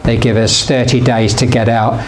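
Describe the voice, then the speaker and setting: A retired business founder tells business anecdotes casually in a mid-range, flat voice at a moderate pace, rambling with many fillers and restarts. The recording has a very echoey room, a distant mic, and faint noise.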